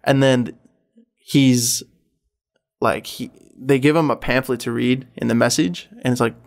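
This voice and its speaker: A man's voice: mid-range voice, fairly even intonation, measured pace, creaky. A man hosting a podcast in casual chat, retelling a story in a rambling, profane way filled with "like". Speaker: podcast host.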